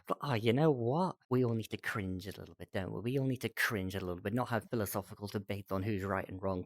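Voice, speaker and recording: A young man reading chat screenshots aloud and reacting, laughing often, stumbling over restarts, with his voice jumping up high in disbelief. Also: fast talker, few pauses, no echo, studio quality. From Britain. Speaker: streamer reading posts.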